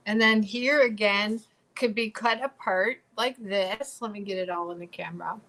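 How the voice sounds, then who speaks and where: In a casual craft tutorial with poor audio, a woman with a mid-range voice talking at normal speed demonstrates her pieces in a relaxed way. She's bubbly and chatty, often repeating phrases as she shows each one.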